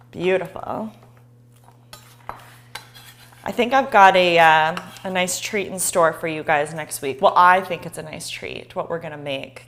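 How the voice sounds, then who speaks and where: A woman hosting a live cooking show, chatting and encouraging viewers as she chops. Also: mid-range voice.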